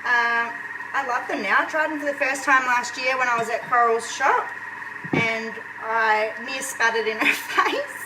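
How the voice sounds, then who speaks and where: Chatty high-voiced woman cooking live. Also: measured pace, recorded from a distance, noisy background. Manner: chatty, talks to viewers while cooking. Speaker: home cook hosting a live cooking video. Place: home kitchen.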